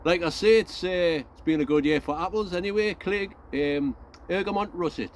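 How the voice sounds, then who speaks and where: Chatty high-voiced man on an allotment. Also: normal speed, a little hiss or hum. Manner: rambling, chatty, laughs at himself, talks to viewers as folks. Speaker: allotment gardening vlogger. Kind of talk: casual chat to camera. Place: outdoor allotment garden.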